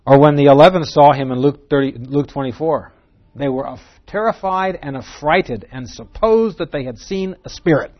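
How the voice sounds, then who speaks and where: A man's voice: medium pitch, highs cut off. A man teaching verse by verse through a Bible passage, earnest and emphatic, posing rhetorical questions to his listeners.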